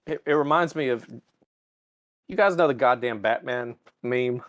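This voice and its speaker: In a loose, profane podcast chat, this male co-host keeps dropping into mocking voices. He speaks at a measured pace with frequent pauses, and his mid-range voice is animated.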